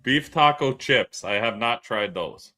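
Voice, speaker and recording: A man's voice: mid-range voice, animated, a little slow, bright, forceful tone, soft background music. A man co-hosting a podcast in casual, joking banter, swearing and laughing often. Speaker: podcast co-host.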